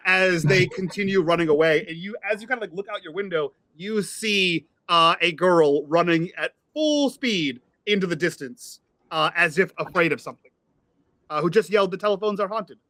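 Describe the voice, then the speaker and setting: A man runs a tabletop game, laying out each scene in a bright, forceful voice pitched a little high. His narration comes through close and dry, with a steady stream of fillers. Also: no room sound. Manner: descriptive, hedging with fillers. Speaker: game master.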